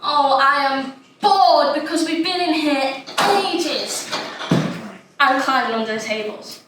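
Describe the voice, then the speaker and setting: A woman's voice: sits high, slow pace, heavy background noise. A woman playing an imaginative, chatty young child, delivering a dramatic monologue, childlike and plain-spoken. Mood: playful. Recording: roomy echo, distant mic, faint ambience.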